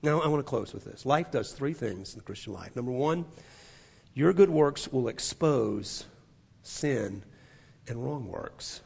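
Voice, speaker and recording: Male pastor, sermon, gravelly voice, long reverb of a church sanctuary. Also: medium pitch, expressive, a little slow. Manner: impassioned preaching that swings from loud emphasis to near-hushed delivery.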